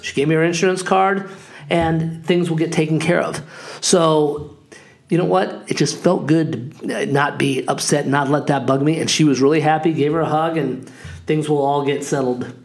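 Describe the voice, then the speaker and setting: A man in his forties, a real estate agent hosting a podcast, talking in a casual, upbeat and rambling way with lots of fillers. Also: fairly high pitch. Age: 40s. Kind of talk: casual monologue.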